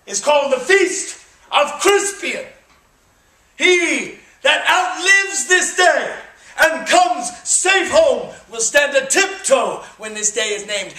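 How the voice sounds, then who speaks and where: A man's voice: extremely high pitch, expressive, takes it slowly, heavily acted. A man acting a rousing young warrior king. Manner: declaims Shakespearean verse, swinging from shouts to whispers. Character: young English king rallying outnumbered troops. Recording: echoey hall from far off.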